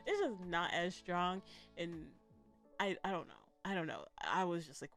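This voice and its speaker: A woman giving a blunt, animated, profane commentary in a casual vlog, laughing often. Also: on the low side, moderate pace, soft background music. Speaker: vlogger reviewing a documentary.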